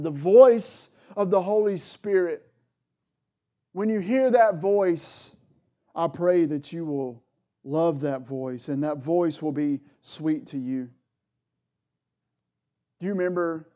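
A man with a high, mellow voice preaches a sermon at an unhurried pace, his delivery rising in emotional swells. The recording sounds dull and lo-fi. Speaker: pastor.

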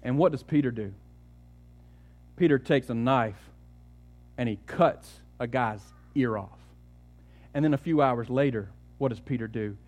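A man's voice: mid-range voice, a little slow, pauses often, a little mellow. A man pastor preaching a sermon, telling the story with rhetorical questions and often repeating words.

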